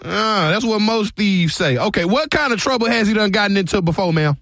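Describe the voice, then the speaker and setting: Man, fake cop on a prank call, teasing drawl, high voice, dry sound. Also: expressive, a little fast, fairly bright tone, no room sound. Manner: mock-serious, drawling, teasing. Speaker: radio prankster posing as a police officer.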